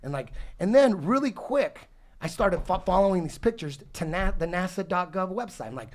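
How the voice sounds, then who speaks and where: A man in his forties telling a long story in casual talk, rambling and animated, swearing often and restarting his sentences. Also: high voice, moderate pace. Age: 40s. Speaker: podcast guest telling a story.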